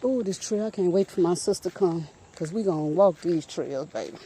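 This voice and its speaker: A woman vlogger walks an outdoor nature trail, out of breath, chatting casually into a handheld phone and repeatedly calling her viewers y'all. Her voice is lowish and dark-toned, fairly quick, with a little hiss or hum.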